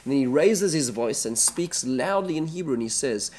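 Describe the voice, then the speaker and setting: A man giving a relaxed text study lesson at an everyday middle pitch. He often stops to search for words and restarts, and then picks up energy as he retells what the figures in the story said. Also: normal speed. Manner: hesitant, many fillers and restarts, animated when voicing quoted taunts. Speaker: Torah teacher. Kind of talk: casual text study lecture.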